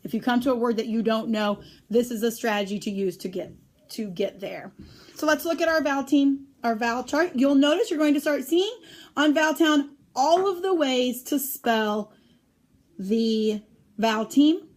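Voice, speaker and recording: A woman teaching a phonics lesson on syllable types, speaking clearly and drawing out the example words slowly. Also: fairly high pitch.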